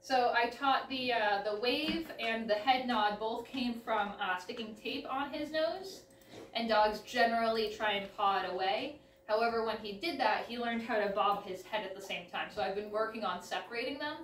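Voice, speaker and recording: A woman's voice: a little high, moderate pace, a bit bright, a little hiss or hum. A woman showing her dogs' tricks at home, explaining casually between short, upbeat commands to the dog. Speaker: dog trainer and vlogger. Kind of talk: casual demonstration. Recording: roomy sound, mic at a distance, faint ambience.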